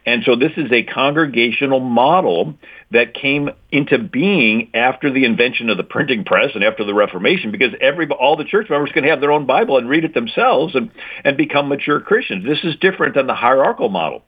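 A man's voice: mid-range voice, expressive, fairly quick, husky. Man lecturing over a tinny line. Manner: lecturing, repeats key points with "right?". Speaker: guest speaker on Christian history. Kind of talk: emphatic explanatory talk.

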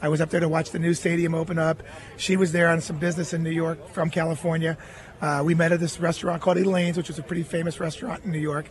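A middle-aged man with a notably high-pitched speaking voice tells a long personal story as a radio guest. He is earnest, recounting conversations and quoting others without changing his voice. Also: little pitch movement, quick pace. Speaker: guest, former baseball catcher.

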